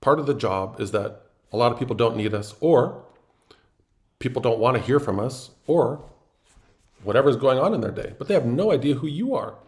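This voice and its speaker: A man's voice: medium pitch, animated, normal speed, a little mellow. A man hosting a coaching call, speaking emphatically and acting out people's reactions. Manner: emphatic, acts out others' reactions. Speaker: coach and host.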